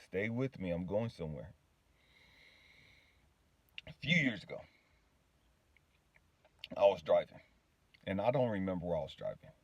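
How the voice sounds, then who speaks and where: A man's voice: low-pitched, very animated, unhurried, pauses often, no room sound. Dry, close-sounding man telling his story. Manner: casual, often asks "you know what I mean", laughs easily. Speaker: spiritual healing vlogger. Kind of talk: personal storytelling monologue.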